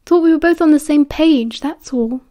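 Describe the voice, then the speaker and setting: A woman with a British accent voicing an awkward, hurt teenage boy who speaks haltingly. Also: high voice, dark tone, pitched above the performer's own voice, close to an everyday voice. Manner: halting, hesitant, gruff.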